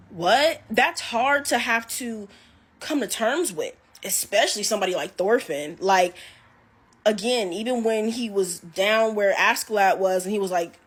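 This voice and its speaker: A woman talking casually about an anime, animated and emphatic, often asking "right?". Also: medium pitch, a little slow, slightly rough. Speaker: anime commentator. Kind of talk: casual opinion talk.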